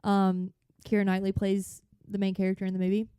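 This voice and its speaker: A woman's voice: medium pitch, completely flat delivery, brisk, warm tone, clean tone, no echo, studio quality. A woman in her thirties with a light North Carolina accent, co-hosting a podcast in casual chat, rambling and laughing often. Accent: North Carolina Southern. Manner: giggly, rambling storyteller. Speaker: podcast co-host.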